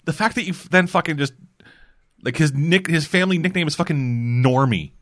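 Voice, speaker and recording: A man in casual chat, animated and exasperated, swearing freely. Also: a little high, fairly quick. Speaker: podcast co-host.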